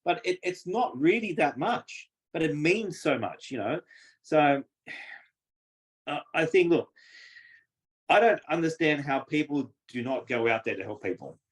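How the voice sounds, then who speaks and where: A slightly high-voiced Australian man speaks at a measured pace while telling casual stories as an interview guest. His style is chatty, and he acts out the people he quotes with lively voices.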